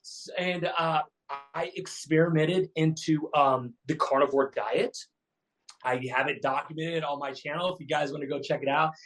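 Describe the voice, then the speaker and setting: A man's voice: fairly high pitch, low-quality recording. A man in his thirties, a fitness coach telling his story as a guest in a casual, chatty way, full of fillers and repeats. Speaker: keto coach, podcast guest.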